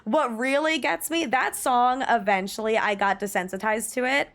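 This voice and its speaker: Slightly high and a bit bright, her voice moves at an ordinary pace. She chats casually on a livestream, reading the chat aloud and gushing with emphasis, dropping an occasional swear.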